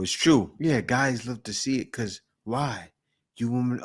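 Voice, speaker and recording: A man hosting reaction commentary, his pitch swinging widely as he talks. He reacts loosely, laughing and mimicking the people in the clips. His voice sits mid-range. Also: lively intonation, unhurried, fairly bright tone. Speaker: reaction video host.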